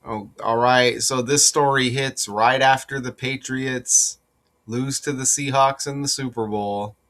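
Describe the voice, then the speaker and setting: A man giving casual solo commentary on sports number patterns, repeating his points with rhetorical asides and growing more insistent. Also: mid-range voice. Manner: slow, deliberate, rising to excited insistence.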